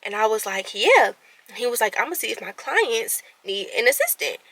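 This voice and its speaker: A woman's voice: fairly high pitch, normal speed, no echo. A woman in her twenties venting candidly to camera, anxious and stumbling over her words, then rallying herself with tough-love self-talk. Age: 20s. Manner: animated, self-talking, swings between quiet and loud; stutters and restarts when anxious. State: anxious and nervous. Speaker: vlogger.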